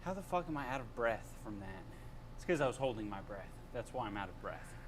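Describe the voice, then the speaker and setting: A man's voice: mid-range voice, lively intonation, fairly quick, noisy background. A man narrating a comedic YouTube video with sarcastic, dry commentary. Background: background music.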